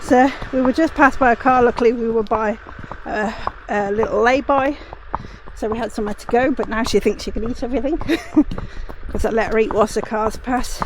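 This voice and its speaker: A woman chatting casually while walking her horse down a country lane outdoors, slightly out of breath and pausing to talk to the horse. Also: a little high. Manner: chatty, talks to her horse between stories. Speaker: vlogger. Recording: outdoor recording with clear background noise.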